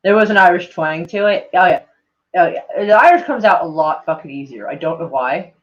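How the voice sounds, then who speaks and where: A woman's voice: on the low side, fairly quick. Rambling casual woman vlogger, lo-fi sound. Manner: rambling, heavy on "like", swears often. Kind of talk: casual reading and reacting to tweets. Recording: dull lo-fi sound.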